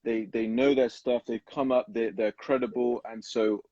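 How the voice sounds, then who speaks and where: A man speaks haltingly over a video call, restarting words as he thanks the finalists. His voice is mellow and dark. The sound is dry and dull, like a lo-fi connection. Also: medium pitch, fairly even intonation, no room sound. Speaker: co-investor.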